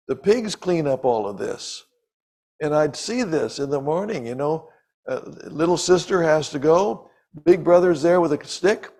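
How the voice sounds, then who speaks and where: Older male preacher, gravelly voice, relaxed storytelling sermon full of ums and asides. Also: a little high. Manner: conversational, with frequent ums and asides. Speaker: preacher and missionary.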